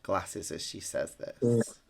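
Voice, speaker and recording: A man narrating as game master, relaxed and full of ums and restarts. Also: deep voice, takes it slowly, vocal fry.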